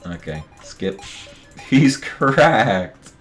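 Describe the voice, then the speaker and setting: A man's voice: on the low side, very animated, extremely slow, soft background music. A man streaming a game, joking and muttering asides to his viewers in casual commentary.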